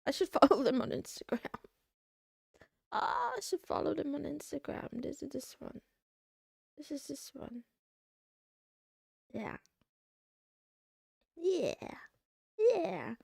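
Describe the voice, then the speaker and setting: A young woman streaming, chatting casually and rambling as she browses, thinking out loud and trailing off. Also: high voice, very animated, takes it slowly, creaky, pauses often, dry recording, clean studio sound. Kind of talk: casual livestream chat.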